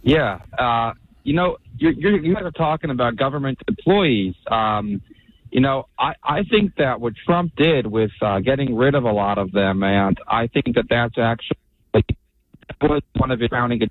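A man's voice: medium pitch, lively intonation, moderate pace. A man in his twenties from New Jersey, calling into a radio show and speaking hesitantly with rambling. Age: 20s. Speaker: caller. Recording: phone line.

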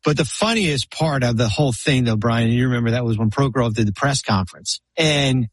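A man with a husky, slightly rough voice recorded close and dry, with no room sound around him. He tells long anecdotes in casual chat on a podcast, doubling back and restarting his sentences as he goes. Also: mid-range voice, fairly quick, no room sound. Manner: rambling anecdotes full of restarts and fillers. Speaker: podcast guest, former basketball executive.

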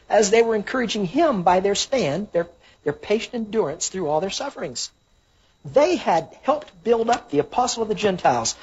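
A man's voice: fairly high pitch, husky. A man preaching a sermon, earnestly teaching from the Bible and citing chapter and verse. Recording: dull lo-fi recording.

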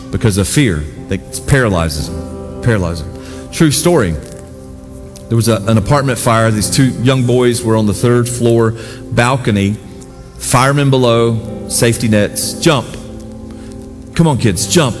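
A man preaching a sermon with animated, emphatic delivery and repeated exhortations. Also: lowish voice. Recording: long hall reverb with faint music.

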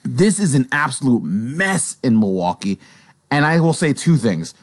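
A man co-hosting a sports talk show, with a mid-pitched voice and a blunt, conversational way of talking. He states strong opinions plainly. The recording is dry and close. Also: very animated, a little slow, dry recording.

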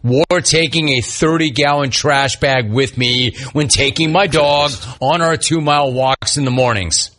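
A man's voice: mid-range voice, a little slow, few pauses, fairly bright tone. A man hosting a sports talk show, reading listener messages aloud and wisecracking about each one.

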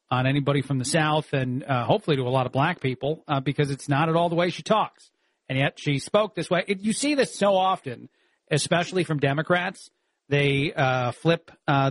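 A man filling in as a talk show host, arguing his opinions in an animated way. His voice sits a bit high and he scatters "uh" fillers through his sentences. The sound is dry and close to the mic. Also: no room sound. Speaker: fill-in radio talk host. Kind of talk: opinionated talk radio commentary.

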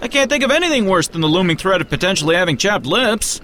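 A man's voice: high-pitched, big pitch swings, quick pace, background noise. An actor playing a fussy man who is overdramatic about a tiny mishap. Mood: whiny. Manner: whiny, overdramatic. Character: fussy man melodramatic over tiny problem.

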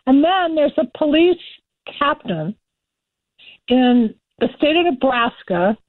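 A woman's voice: fairly high pitch, no room sound. Woman from LA, phone-in guest, chatty and giggly; dry, phone-quality sound. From Los Angeles area. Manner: chatty, laughs at her own stories. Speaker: guest commentator. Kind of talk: casual phone-in chat. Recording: tinny phone line.

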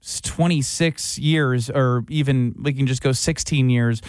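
A man's voice: mid-range voice, measured pace, darkish tone, dry recording. A man co-hosting a sports talk show, chiming in in a casual, emphatic way.

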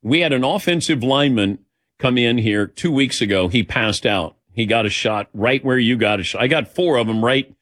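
A man's voice: medium pitch, moderate pace, no echo. Male sports radio host, mid-range voice, casual storyteller who acts out his quotes, dry studio sound. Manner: animated anecdotes, acting out quoted dialogue. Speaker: sports talk show host. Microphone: studio microphone.

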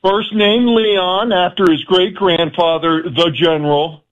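A man's voice: high voice, fairly even intonation, measured pace. A man calling a sports radio show, proudly and cheerfully sharing personal news. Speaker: caller. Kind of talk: phone-in call. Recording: phone line.

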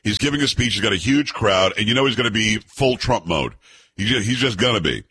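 A man hosting a radio show, teasing his co-hosts in fast, rambling banter. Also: fairly low pitch, expressive, pushed and bright.

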